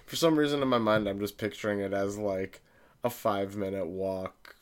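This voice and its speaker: A man's voice: fairly low pitch, steady tone, normal speed, clean tone. A man co-hosting a podcast, chatting casually and dropping wry, joking remarks. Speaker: podcast co-host. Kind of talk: casual chat.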